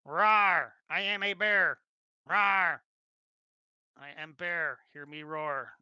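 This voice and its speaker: A man playfully voicing a roaring male black bear in a tabletop game, with loud mock growls. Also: on the high side, slow, clear, resonant tone, dry recording, muffled recording, voice pushed up, full character voice.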